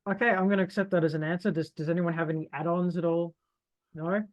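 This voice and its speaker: A quizmaster reads trivia questions and hands out points in a brisk, teasing manner. The voice has a middling pitch, and the recording is dry and close. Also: steady tone, no room sound, dull audio. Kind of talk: casual party game hosting.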